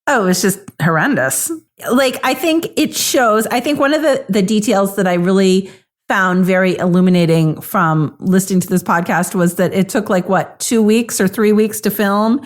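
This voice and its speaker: A woman's voice: mid-range voice, moderate pace. Chatty woman co-host, casual podcast talk. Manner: chatty with many fillers.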